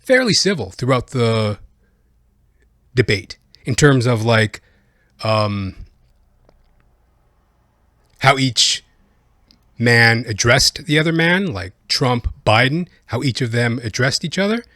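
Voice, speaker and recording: A man hosts a podcast, rambling through comedic political commentary with plenty of fillers. His pitch moves in a lively way, and the recording is dry and close, without room sound. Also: slow pace, pauses often, no echo. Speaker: podcast host.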